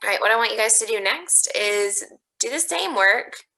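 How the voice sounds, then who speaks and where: Lively bright-voiced woman teacher. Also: a little high, normal speed, gravelly, slight background noise, poor audio. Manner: thinks aloud step by step, explaining her reasoning. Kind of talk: recorded online lesson walkthrough.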